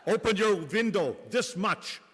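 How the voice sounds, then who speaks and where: Man doing a sweet elderly German nun, raised pitch, calm and plain-spoken, in an echoing church hall. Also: a little slow, slight background noise. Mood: gentle. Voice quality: gentle, kind. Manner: calm, matter-of-fact advice. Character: kindly old German nun, female.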